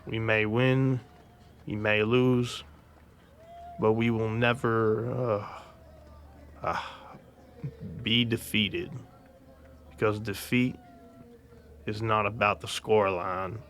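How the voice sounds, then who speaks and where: A man playing an uninspiring soccer coach who gives a halting, monotone pep talk full of fillers. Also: fairly low pitch. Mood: flat pep talk.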